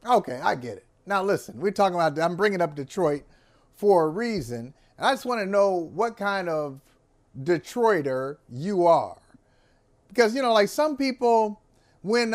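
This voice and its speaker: Very high-voiced man teasing his co-host. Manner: teasing, rambling questions with lots of restarts. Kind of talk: casual sports talk show chat.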